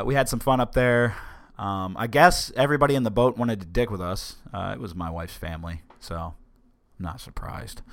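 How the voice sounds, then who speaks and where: A man with a lowish voice tells a story in a casual, joking way, punching up the quotes with big leaps in pitch. The sound is close and dry, with no room around it. He keeps a wry tone throughout. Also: no room sound. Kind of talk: casual storytelling and political commentary.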